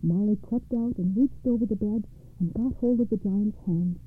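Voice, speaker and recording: A woman reading fairy tales aloud in a steady, rhythmic storytelling manner. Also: mid-range voice, normal speed, husky. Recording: tinny phone-like audio.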